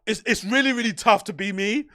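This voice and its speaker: A man's voice: high voice, fairly quick. A man mocking a whiny rich crybaby podcaster. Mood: mock weepy. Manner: soft, simpering, mock crying. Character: whiny self-pitying rich male podcaster, mock-tearful.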